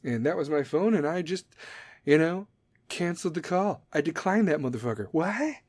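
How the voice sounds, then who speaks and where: A man's voice: on the high side, animated, normal speed, a little mellow, faint music behind. A man in his thirties hosting a podcast, talking in a blunt, profane, rambling monologue that drifts off on tangents. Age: 30s. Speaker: podcast host.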